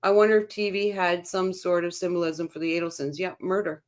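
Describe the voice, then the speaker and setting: A woman's voice: lowish voice, level tone, fairly quick. A woman hosting a casual true-crime livestream, reading viewer comments aloud and reacting to them in a chatty way. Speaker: livestream host reading chat.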